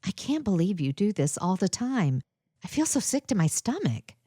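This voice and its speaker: A woman's voice: medium pitch, sing-song, moderate pace, dark tone, slightly rough, no room sound, clean studio sound. A woman voicing a young woman heading into her first undercover job, nervous and full of self-doubt.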